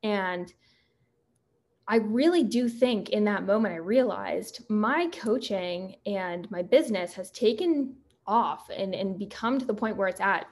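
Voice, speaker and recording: A young woman in her twenties hosts a solo podcast and tells a personal story. She talks in an animated, chatty way and slips into other people's voices when she quotes them. Her voice sits in a middle pitch. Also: measured pace. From Pennsylvania. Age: 20s. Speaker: podcast host and fitness coach.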